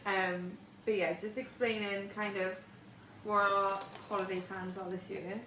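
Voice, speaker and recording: A woman's voice: medium pitch, flat delivery, a little slow, fairly bright tone. A young woman chatting casually as a family vlogger, rambling a little with fillers and restarts. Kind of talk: casual chat. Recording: echoey room, noticeable background noise, slightly distant.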